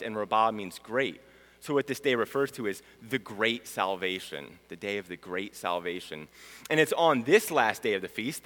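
A man preaching a sermon, swinging between loud proclamation and hushed, solemn passages. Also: medium pitch. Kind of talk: sermon teaching. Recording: long hall reverb.

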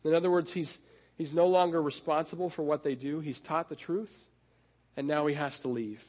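A middle-aged man preaching a sermon in a conversational way, with fillers and restarts, and slowing down to lean on key phrases. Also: a little high, fairly even intonation, darkish tone. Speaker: pastor.

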